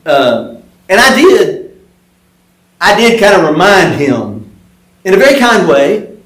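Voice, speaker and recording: A man's voice: high voice, very animated, slow, fairly bright tone. Conversational middle-aged male pastor, echoey sanctuary. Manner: conversational, frequent fillers and restarts. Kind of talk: sermon with personal story. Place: church sanctuary.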